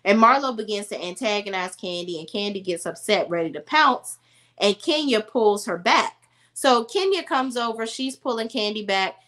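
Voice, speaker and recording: A woman's voice: mid-range voice, expressive, moderate pace, a bit bright. Blunt, slangy woman recapping reality TV. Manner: blunt, exasperated, slangy storytelling. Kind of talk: opinionated casual commentary.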